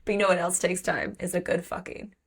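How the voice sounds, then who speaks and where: A woman's voice: a little fast, creaky, slightly rough. A woman co-hosting a book podcast, chatting casually and playfully while reading romance passages aloud. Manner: playful, jumpy pitch when excited. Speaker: podcast co-host.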